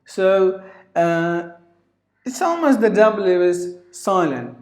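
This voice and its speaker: Slow guy teaching how to say words, repeats them over and over, echoey room. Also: sits high, animated. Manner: repeats each word several times, drawn out. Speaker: English pronunciation teacher. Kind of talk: pronunciation lesson. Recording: roomy echo.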